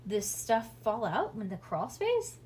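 A woman reading a storybook aloud and voicing a teenage girl babysitter who shouts high and shrill, then scolds bossily. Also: sing-song, measured pace, slight background noise. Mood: scolding.

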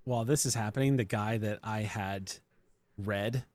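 A man playing a tabletop role-playing game and explaining his character's moves in a measured way. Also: on the low side, a little mellow, no room sound. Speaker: player.

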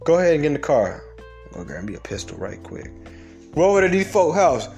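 A man telling stories and ranting in a blunt, profane, fast-talking way. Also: on the high side, very animated, darkish tone, faint music behind. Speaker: storyteller. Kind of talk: comedic storytelling rant.

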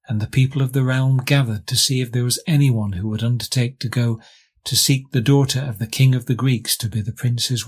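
A man from England reading a fairy tale aloud as scripted narration, with measured storytelling. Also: mid-range voice, slightly rough. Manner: measured storytelling, lightly voicing characters. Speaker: audiobook reader.

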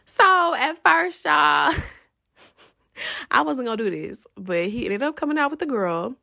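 A woman's voice: a little high, a little slow, gravelly. A young woman casually telling a profane storytime straight to her viewers. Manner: animated, profane, addresses viewers as y'all.

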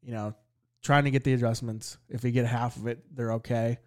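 A man's voice: medium pitch, fairly even intonation, a little fast. A man co-hosting a podcast, chatting casually and making dry, joking remarks. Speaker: podcast co-host. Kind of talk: casual chat.

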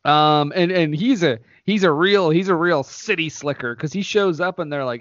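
A man's voice: fairly high pitch, fairly quick, fairly bright tone, dry recording, dull audio. A man co-hosting a casual movie review chat, laughing often and acting out lines from the film. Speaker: podcast co-host.

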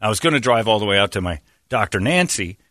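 A man's voice: on the low side, expressive, fast talker, pushed and bright, no room sound. A man hosting a sports talk radio show, rambling and sarcastic as he tells stories on a studio mic. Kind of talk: casual sports radio banter.

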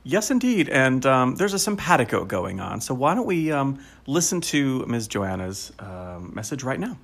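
Lively laughing man hosting a podcast. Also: medium pitch, normal speed, vocal fry. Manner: lively and laughing, with many fillers. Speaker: podcast co-host. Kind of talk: casual podcast chat.

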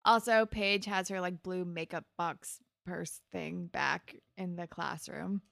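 Bright, gravelly young woman chatting. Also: slow pace, no room sound, studio quality. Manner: animated, jumps to high pitch when quoting. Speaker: podcast co-host. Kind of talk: casual recap chat.

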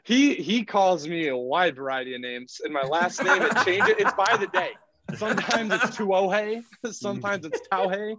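A man's voice: high voice, lively intonation, moderate pace, pushed and bright. A man who trades, talking as a podcast guest in an easygoing casual chat and laughing often.

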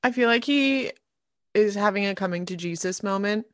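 A woman's voice: medium pitch, normal speed, no room sound, clean studio sound. A woman co-hosting a casual podcast chat about books, giggling and trailing off mid-thought. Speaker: podcast co-host. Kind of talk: casual book-club chat.

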